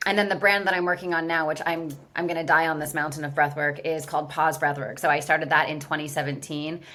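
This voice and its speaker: A woman's voice: deep voice, fairly even intonation, fast, pushed and bright. A woman guest in a casual podcast interview, telling her story candidly and animatedly with lots of "like" fillers. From California, USA. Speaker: guest, business founder.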